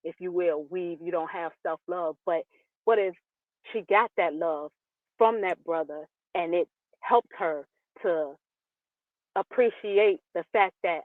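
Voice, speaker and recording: A man's voice: sits high, a little slow, long pauses, no echo. A man calling in to a talk show, speaking earnestly and posing questions. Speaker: caller. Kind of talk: call-in commentary. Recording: dry tinny phone line.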